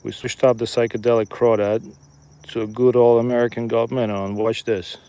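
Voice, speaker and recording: A man's voice: medium pitch, a little fast, clean tone. A man giving casual, chatty live-stream commentary outdoors at a riverbank, talking to his viewers while he fishes. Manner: relaxed, chatty, talks to viewers while fishing. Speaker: fishing streamer.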